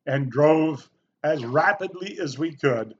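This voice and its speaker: A man's voice: a little high, takes it slowly. A middle-aged man, a former youth pastor, telling a personal story in an earnest, folksy way. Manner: folksy, earnest, animated when quoting people. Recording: slightly dull, faint background noise.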